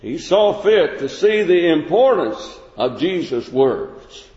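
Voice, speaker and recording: A man's voice: a little high, big pitch swings, slow pace, a little mellow. A man teaching a plain-spoken Bible lesson, folksy and full of restarts. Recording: echoey hall, dull lo-fi sound.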